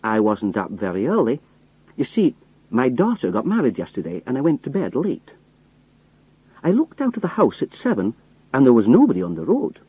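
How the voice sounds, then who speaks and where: A man's voice: medium pitch, huge pitch swings, normal speed, mellow, husky, no room sound, dull audio, pitched above the performer's own voice. A man voicing a disguised hero faking a strong Scottish accent, folksy and innocent.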